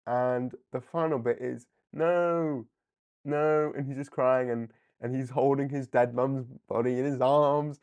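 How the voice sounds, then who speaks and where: A man hosting a live comic book discussion, animated and often laughing as he briefly acts out characters. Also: medium pitch, normal speed, hardly any pauses. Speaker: comic book livestream host. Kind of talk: casual live commentary.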